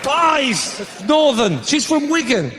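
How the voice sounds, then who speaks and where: A man with a Northern English accent doing live stand-up comedy in a theatre, chatting with the audience and shouting his punchlines. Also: high voice, fairly quick, crowd noise. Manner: animated, shouting punchlines, acting out voices. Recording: live theatre recording with faint room noise.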